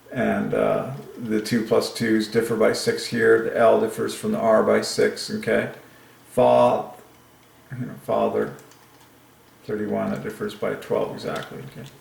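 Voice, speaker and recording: A man thinking aloud as he works through counts, musing and halting, with lots of fillers. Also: fairly low pitch, completely flat delivery, gravelly, roomy sound. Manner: musing, halting, with frequent fillers and soft laughs. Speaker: channel host.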